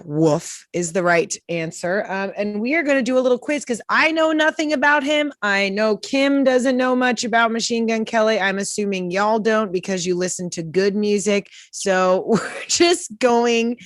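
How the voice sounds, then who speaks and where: A woman's voice: mid-range voice, no room sound, clean studio sound. A woman comedian hosting a live music interview show, rambling with self-deprecating jokes. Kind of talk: casual live-stream hosting banter.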